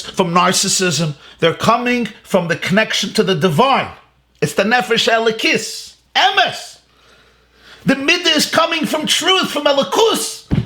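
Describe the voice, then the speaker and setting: A rabbi delivering a Torah lecture in a fairly high, lively voice that swings widely in pitch. He is emphatic, fires off rhetorical questions and repeats key words, weaving Hebrew and Yiddish terms into his English. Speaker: rabbi teaching a class.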